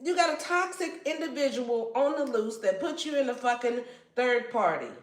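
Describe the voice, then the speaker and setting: A woman gives a casual tarot reading, blunt and slangy, swearing freely. Her voice is high and animated at a normal speed, recorded in an echoey room.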